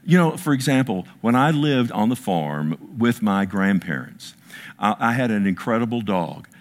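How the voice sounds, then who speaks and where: A man's voice: fairly low pitch, expressive, normal speed. A middle-aged man preaching a sermon, telling a personal story with emotion and stumbling restarts. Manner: storytelling, emotional, repeats words. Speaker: pastor.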